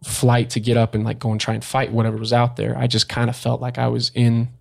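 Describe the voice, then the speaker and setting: A young man recounts an old experience as a podcast guest. He speaks at an everyday middle pitch, loose and casual, and his sentences keep stopping and restarting around little fillers. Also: monotone, gravelly, darkish tone. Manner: halting, full of "like" and restarts. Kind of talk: storytelling in a casual interview.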